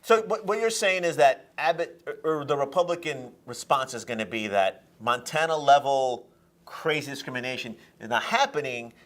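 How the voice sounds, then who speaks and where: A man hosting a political talk show, arguing his points in an animated way and laughing between them. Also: mid-range voice, normal speed.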